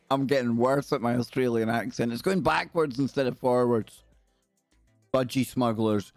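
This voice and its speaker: A man's voice: mid-range voice, fairly even intonation, moderate pace, no room sound, faint music behind. A Scottish man hosting a live stream in casual, jokey, rambling chat. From Scotland.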